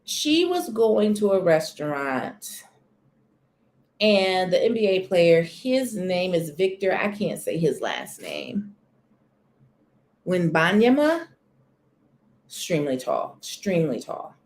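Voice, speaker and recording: A woman's voice: lowish voice, huge pitch swings, takes it slowly, pauses often, a little mellow. A woman hosting a casual live stream from a corner of her home, chatting expressively about celebrity news and greeting viewers in the chat by name. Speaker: livestream host. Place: corner of a room at home near a sunny window.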